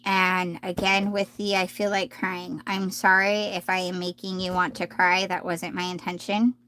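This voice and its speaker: A woman doing a live tarot reading, talking gently and reassuringly, often restarting her sentences. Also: lowish voice, little pitch movement, normal speed. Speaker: tarot reader.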